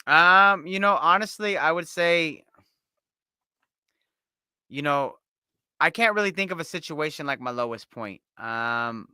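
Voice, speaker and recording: A man's voice: fairly high pitch, animated, unhurried, long pauses, sharp tone, clean tone, dry recording. A man co-hosting a casual recovery talk, upbeat and reflective, often tagging thoughts with "right?". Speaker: musician and podcast co-host.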